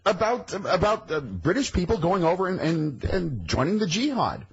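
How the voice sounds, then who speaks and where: A man's voice: high voice, sing-song, normal speed, husky. A man co-hosting a radio talk show, arguing his point hesitantly and stubbornly with many restarts. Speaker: radio co-host. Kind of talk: casual radio chat. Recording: slightly muffled radio broadcast.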